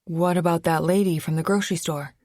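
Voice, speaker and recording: A woman's voice: lowish voice, fairly even intonation, fairly quick, dark tone, no room sound, clean studio sound, lightly acted. A woman reading an audiobook, voicing a young adult man who is an easygoing, mildly dismissive boyfriend. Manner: casual, teasing, mildly scoffing. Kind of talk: audiobook character voice.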